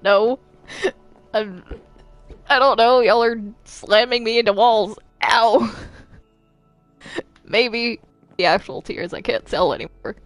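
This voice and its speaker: A woman's voice: a little high, slow pace, long pauses, faint music behind. A woman playing a whiny cartoon ink demon. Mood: fed up. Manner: complaining, reluctant. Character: young male cartoon ink demon, put-upon and whiny. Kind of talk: Minecraft role-play voice acting.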